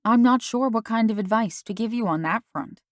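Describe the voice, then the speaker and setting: A woman voicing a mother who gently questions her daughter, in an audiobook. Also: a little high, brisk, dry recording, studio quality, voice pushed up, natural voice. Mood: gentle.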